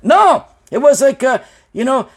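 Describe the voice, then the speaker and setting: A nervous, rambling business owner who mangles his English and swears freely, as a man puts him on. His voice rides high and bounces around. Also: big pitch swings, unhurried, husky, exaggerated voice. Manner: broken English, rambling, profane. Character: anxious, rambling immigrant male business owner.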